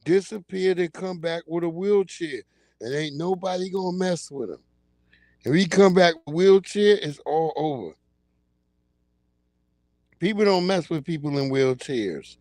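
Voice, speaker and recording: A man hosting a livestream, chatting in a casual comedic way, laughing often and acting out loud yelled quotes. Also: on the high side, lively intonation, a little slow, long pauses, dry recording. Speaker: livestream host.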